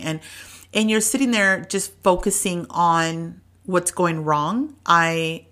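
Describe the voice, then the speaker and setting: Woman, forties, podcast host with a slightly low voice, a chatty and encouraging pep talk. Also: slow, bright, forceful tone. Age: 40s. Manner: chatty, encouraging, many fillers and restarts. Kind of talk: motivational solo podcast talk.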